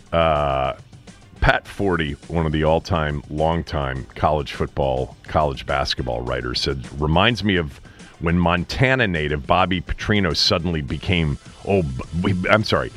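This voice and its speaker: A man's voice: low-pitched, a bit bright. A man hosting a sports talk show, chatting casually in a wry, joking way.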